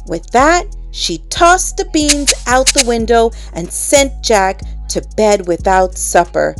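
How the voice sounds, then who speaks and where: A woman reading a children's bedtime story aloud in an expressive, dramatic way with pauses. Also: a little high. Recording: soft music underneath.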